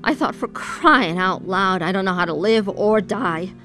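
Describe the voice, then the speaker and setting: Here the narrator and lead of a radio drama is a weary middle-aged wife, played by an actress, looking back on a troubled past with earnest, pained reflection. The delivery is lightly acted, at a measured pace, in a medium-pitched and fairly bright voice over faint music.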